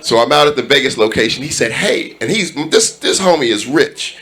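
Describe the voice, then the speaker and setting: A man's voice: mid-range voice, a little fast. A man doing stand-up comedy in a club, telling stories and acting out the people in them. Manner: animated storyteller, acts out quoted dialogue. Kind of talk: stand-up storytelling.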